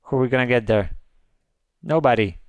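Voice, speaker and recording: Excitable male game host, smooth crisp voice, dry close sound, jumps between calm chat and high squeals. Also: a little fast, no room sound, narrow, tinny audio. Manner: jumpy, gasping and squealing when scared. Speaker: gaming video host. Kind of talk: excited let's-play commentary.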